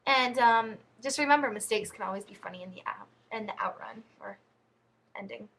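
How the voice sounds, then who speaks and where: Giggly rambly woman vlogging, kinda high voice, really bright and crisp. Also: a little fast. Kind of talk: casual storytelling to camera.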